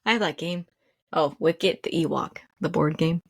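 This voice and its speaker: A woman co-hosting a podcast talks in a relaxed, chatty way. She leans on fillers and laughs easily. Her voice sits low, and the recording is dry and close. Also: moderate pace, creaky, slightly rough, no echo. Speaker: podcast co-host. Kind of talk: casual chat.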